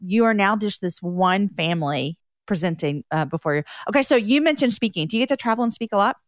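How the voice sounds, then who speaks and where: A woman's voice: medium pitch, lively intonation, fast, dry recording. Woman hosting a podcast, chatty and easygoing, dry close sound. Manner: warm, conversational, repeats words for emphasis. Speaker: podcast host. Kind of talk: casual interview chat.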